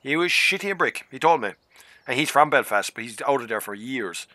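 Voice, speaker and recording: This is a man chatting casually on a gaming stream, telling stories and swearing freely. His voice is very bright and sits dry and close, with no room echo. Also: medium pitch, fairly quick. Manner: swearing, storytelling, excitable. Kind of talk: casual chat among friends.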